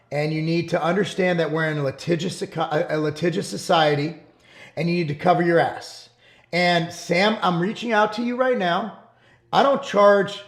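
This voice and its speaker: A middle-aged man hosting his own channel, talking casually to camera in a brash, rambling, self-promoting way with frequent restarts. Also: high-pitched. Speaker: fitness company owner and channel host. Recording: echoey room.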